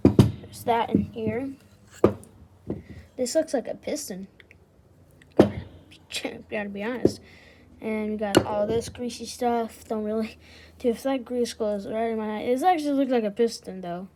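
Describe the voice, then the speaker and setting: A woman with a notably high voice gives casual, chatty commentary as she works through a repair job, laughing often and slipping into a whisper now and then. Loud background noise and tool clicks sit under her voice throughout. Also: unhurried, long pauses. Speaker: vlogger taking apart a machine. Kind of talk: casual running commentary while working.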